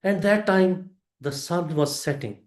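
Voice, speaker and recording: With a slightly high voice and a roomy sound, a man tells a prepared story to his club audience. The delivery is deliberate, punctuated by pauses and emphatic upward lifts.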